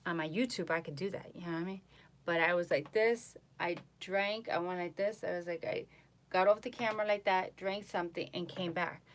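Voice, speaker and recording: A woman tarot reader chatting casually on a live stream from home, boastful and animated, mocking others in voices. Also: on the low side, a little fast.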